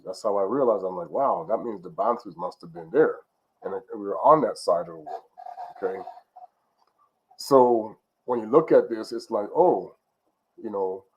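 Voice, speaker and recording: Rambling man teaching with lower voice. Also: darkish tone, slightly rough, dull audio. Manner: rambling, with many fillers and restarts, ending lines with okay?. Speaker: spiritual teacher. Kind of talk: informal religious teaching.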